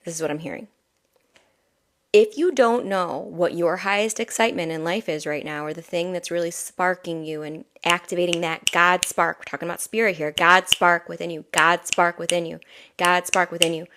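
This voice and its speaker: Soft-spoken woman giving a spiritual reading. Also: on the low side, fairly even intonation, normal speed, noisy background. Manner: soft, rambling, laughs often. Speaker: intuitive healer channeling a reading. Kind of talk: casual spiritual guidance talk.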